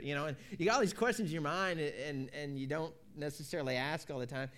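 A man's voice: fairly high pitch, quick pace, fairly bright tone. A man preaching a conversational sermon, telling stories in a folksy way and acting out both sides of a conversation. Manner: folksy, repeats "you know".

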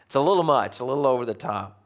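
A man's voice: medium pitch, animated, fast. A man preaching a sermon as pastor, conversational, with wry humorous asides and rhetorical questions to the congregation.

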